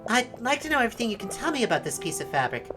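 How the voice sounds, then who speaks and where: A woman's voice: a little high, very animated, rapid-fire, over music, voice pushed up. A woman reading a polite, curious heroine. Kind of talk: reading game dialogue aloud.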